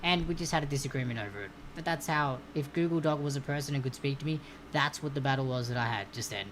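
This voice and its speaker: A woman's voice: extremely low pitch, fast, a little hiss or hum. A woman hosting a live-streamed trivia quiz, chatty and playful, laughing often and reading questions to players.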